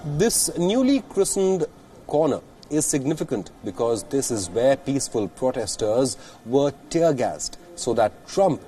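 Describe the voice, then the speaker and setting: A man reading a scripted news report in a steady, measured newsreader delivery. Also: mid-range voice.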